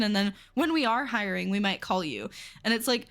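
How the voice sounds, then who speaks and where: A young woman from Seattle talks casually on her live stream, frank and exasperated, with plenty of swearing. Her voice sits a little high, and quiet music plays underneath. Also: huge pitch swings, moderate pace. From Seattle, USA.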